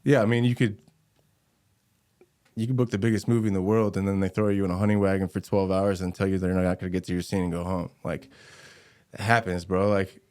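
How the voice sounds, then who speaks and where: Male actor guest, very low voice, slangy and laid-back, animated storyteller. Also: clean tone. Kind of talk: casual interview storytelling.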